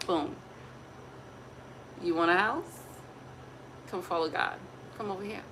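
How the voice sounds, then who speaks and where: A woman's voice: lowish voice, slow pace, a bit bright, slight background noise, poor audio. A pregnant woman chatting candidly to her viewers on a phone, earnest and rambling, often laughing mid-sentence. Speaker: family vlogger. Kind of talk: candid casual chat to viewers.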